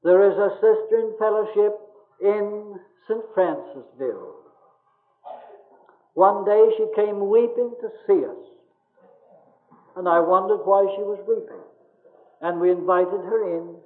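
A man's voice: high-pitched, a little slow, long pauses. A man preaching as a missionary, telling stories earnestly and calling his listeners beloved. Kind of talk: sermon with personal stories. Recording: tinny narrow-band old recording.

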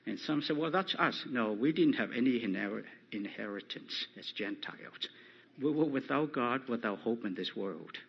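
Husky male preacher, unhurried emphatic delivery, dull lo-fi recording. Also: medium pitch, expressive. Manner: slow, emphatic, rising loud on quoted scripture. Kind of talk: sermon.

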